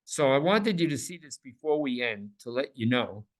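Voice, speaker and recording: A man teaching a Bible class, animated, repeating words for emphasis and asking his listeners questions. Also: mid-range voice, moderate pace.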